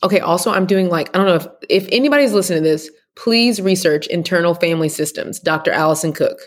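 A woman from Texas speaking as a podcast guest, an animated, expressive storyteller. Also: fairly low pitch, fast. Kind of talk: casual interview chat.

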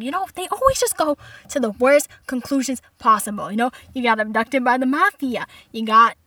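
A young woman in her twenties rambling through comic stories and stand-up bits, full of slang and fillers. Her voice is fairly high and very bright. The recording is dry and a bit off-mic. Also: moderate pace, hardly any pauses, no echo, distant mic. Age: 20s. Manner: chatty, animated, full of "like" and slang. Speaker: comedic vlogger. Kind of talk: comedic storytelling and practice stand-up.

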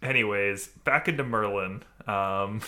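A man with a lowish, bright, forward voice co-hosts a casual recap podcast. He rambles along, filling gaps with ums and uhs. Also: measured pace. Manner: rambling, full of um and uh. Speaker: podcast co-host. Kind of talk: casual chat recapping a TV episode.

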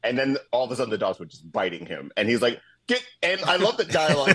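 Male podcast co-host, casual movie recap, animated and profane, laughs a lot, dry close mic. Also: medium pitch, fast talker, slightly rough, no room sound. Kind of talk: casual movie-review chat.

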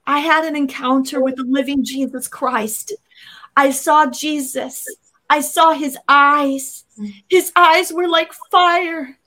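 In a bright, pushed high voice, this woman tells her own story of faith as an interview guest. Her telling is earnest and vivid, and she performs her past words as she recounts them.

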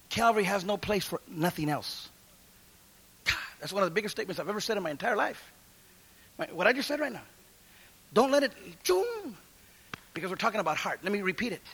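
A middle-aged man preaching a sermon and telling his own testimony in street slang, going from loud calls down to hushed asides. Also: high-pitched, big pitch swings, a little fast, pauses often, slightly rough.

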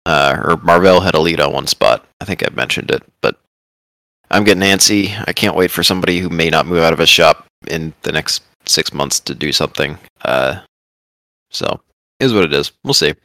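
A man with a very low voice chats casually as a podcast co-host, easygoing and quick to laugh. His voice sounds dry and close to the mic. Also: sharp tone, no echo. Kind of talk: casual chat.

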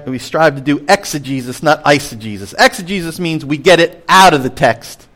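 A middle-aged pastor preaching a sermon in a slightly high voice. He moves between emphatic, lifted phrases and quiet, lowered ones. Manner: expressive, swings between emphatic and hushed.

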